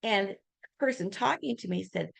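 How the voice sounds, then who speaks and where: Older woman telling lively anecdotes. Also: mid-range voice, normal speed, vocal fry, slightly rough. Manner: lively anecdotes, acts out quoted voices. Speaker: guest speaker. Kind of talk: casual storytelling talk.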